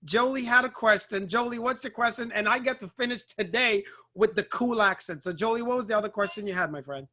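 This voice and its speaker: A man hosting a Q&A call, relaxed and friendly in casual chat. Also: high voice, brisk, few pauses. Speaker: host of a Q&A call.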